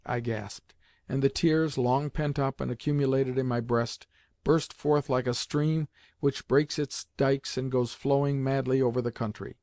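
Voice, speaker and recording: Male audiobook narrator, mid-pitched, measured and even, close dry mic. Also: no room sound. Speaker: audiobook reader. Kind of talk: scripted narration of a classic novel.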